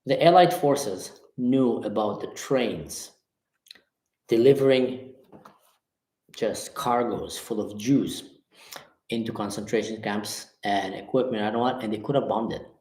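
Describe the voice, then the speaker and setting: A man's voice: lowish voice, a little slow, darkish tone. Impassioned man in a roomy echo. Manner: impassioned, emphatic. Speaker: livestream host. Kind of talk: live chat reading comments. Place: Germany.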